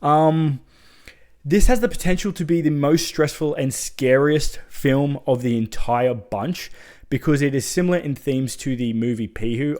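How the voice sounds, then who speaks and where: A man's voice: mid-range voice, darkish tone. A man giving a casual, enthusiastic spoken review of horror short films, swearing freely and adding chatty asides.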